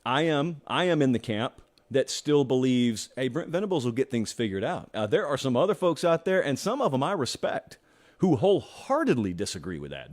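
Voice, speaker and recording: A man's voice: medium pitch, a little mellow. A man hosting a college football show, giving opinionated solo commentary in a conversational way, posing rhetorical questions. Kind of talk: solo sports talk commentary.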